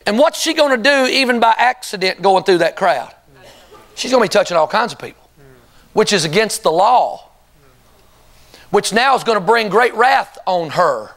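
A man with a very high voice delivers a sermon from the pulpit. He keeps firing rhetorical questions at the congregation and urging them to answer aloud. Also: animated, moderate pace, a bit bright. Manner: asks the congregation rhetorical questions and calls for responses. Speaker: preacher. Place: church sanctuary before a congregation.

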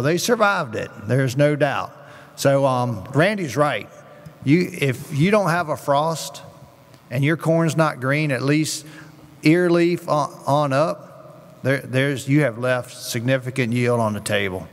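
A man speaks as a guest on a conference panel, rambling and often restarting his sentences. His mid-pitched voice carries the long reverb of a large hall. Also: slow pace. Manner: rambling, restarts and self-corrections.

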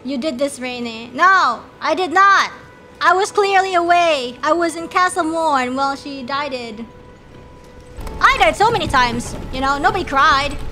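A woman with a very high voice gives unhurried, playful commentary while she plays, teasing and breaking into laughter and squeals. Her pitch swings widely, and game music plays clearly behind her on a streaming mic. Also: animated, bright, forceful tone. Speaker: virtual streamer. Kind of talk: casual gameplay commentary.

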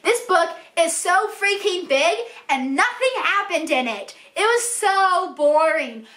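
A woman's voice: very high-pitched, animated, slow pace, bright, forceful tone. A young woman book vlogger chatting casually about books she read, gushing and full of fillers. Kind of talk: casual chat. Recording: echoey room.

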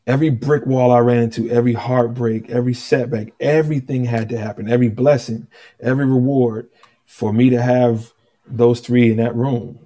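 A man, a guest musician, telling a story in a relaxed conversational way, restarting sentences and acting out dialogue. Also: medium pitch, moderate pace. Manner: animated, restarts often, acts out dialogue.

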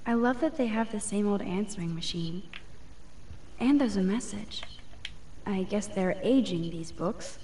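A woman's voice: medium pitch, a little slow, mellow, a little hiss or hum, lightly acted. A woman voicing a wry teenage girl photographer in a video game, talking in a dry, sardonic inner monologue.

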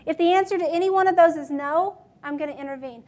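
A woman with a high voice presents a classroom management workshop to fellow teachers. She talks in a matter-of-fact way and keeps putting questions to her audience. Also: fast talker, noisy background.

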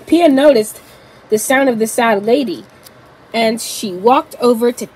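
A woman narrating a children's story aloud in a halting way. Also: on the high side, darkish tone, breathy edge, poor audio. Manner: halting, with restarts.

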